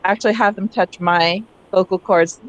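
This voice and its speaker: A woman leading an online teacher workshop over a video call, animated and demonstrating sounds herself. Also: medium pitch, normal speed, highs cut off, slight background noise. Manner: animated, acts out calling for help. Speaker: teacher trainer.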